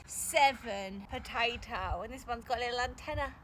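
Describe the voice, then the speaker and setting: A woman chatting casually in a garden vlog, excitable and gasping and exclaiming at each new find, recorded outdoors in a garden. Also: a little high, normal speed, few pauses, slight background noise. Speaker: gardening vlogger.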